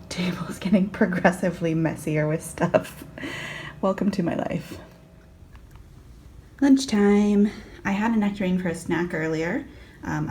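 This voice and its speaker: A woman's voice: on the low side, darkish tone, slight background noise. A woman from California chatting casually through a food diary vlog, self-deprecating and full of ums and likes. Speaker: vlogger.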